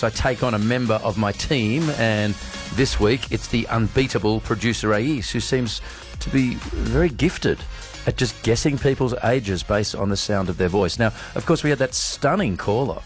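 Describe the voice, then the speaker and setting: Animated playful radio host man. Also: mid-range voice, normal speed, music in the background. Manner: playful, animated, self-mocking. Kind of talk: casual radio chat.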